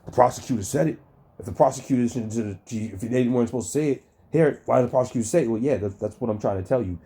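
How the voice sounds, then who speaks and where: A man's voice: medium pitch, fast talker, dark tone, breathy edge. A man giving casual reaction commentary over a debate video, swearing a lot and mocking the speakers in disbelief. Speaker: stream reactor.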